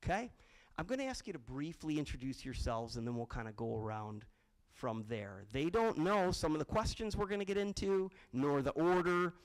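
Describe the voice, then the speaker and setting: A man's voice: on the high side, sing-song, normal speed, rough recording. A man from college admissions opening a live-streamed panel, telling a parable with self-deprecating jokes. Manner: jokey, self-deprecating, storytelling.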